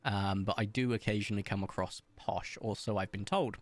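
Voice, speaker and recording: A man's voice: lowish voice, fairly even intonation, brisk. A man from Somerset with a posh English accent, chatting casually and rambling through stories while streaming a game. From England, Somerset. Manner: rambling anecdotal storytelling with frequent ums. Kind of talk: casual chat while gaming.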